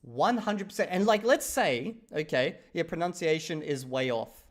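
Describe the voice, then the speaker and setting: A young man talks loosely through a live stream, reading viewer comments aloud and answering them on the spot. His voice sits a little high for a man, and he stays animated, laughing often and swearing casually. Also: moderate pace. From Australia.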